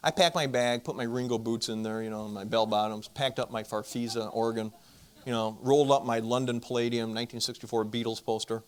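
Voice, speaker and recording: A middle-aged man telling a personal story to an audience, animated and acting out the voices of the people in it. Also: mid-range voice, brisk. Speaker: marriage conference speaker.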